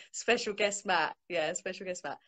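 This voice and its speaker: A woman's voice: fairly low pitch, a bit bright. A young woman hosting her own book launch from home, chatting informally on a phone live stream. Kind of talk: casual live-stream chat. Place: home, on a sofa.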